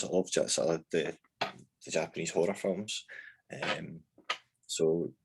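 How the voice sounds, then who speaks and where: A man's voice: low voice, gravelly, slightly rough. A man with a Scottish accent, a band member chatting casually in an interview, rambling with many fillers and restarts. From Scotland.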